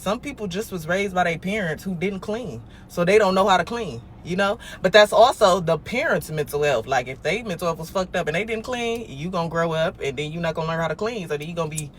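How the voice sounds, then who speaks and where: A young woman hosting a casual livestream chat. She talks bluntly and swears freely, and her volume swings between loud and quiet. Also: mid-range voice, a little hiss or hum. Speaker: livestream host.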